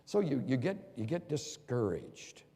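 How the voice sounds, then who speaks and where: An older man preaching a sermon in earnest, animated tones, now and then acting out pleading quoted voices. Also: medium pitch, measured pace, slightly rough. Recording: long reverb of a large hall.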